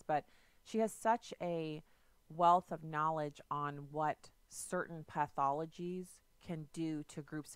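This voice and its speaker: A woman's voice: deep voice, clear, resonant tone, dry recording. A woman hosting a political talk radio show, retelling news stories in a conversational way with asides.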